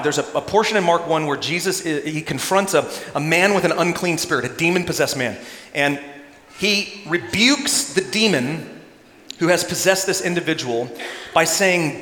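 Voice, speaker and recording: A man preaching a sermon as pastor, animated and acting out quoted voices with humor. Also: fairly high pitch. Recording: echoey church hall.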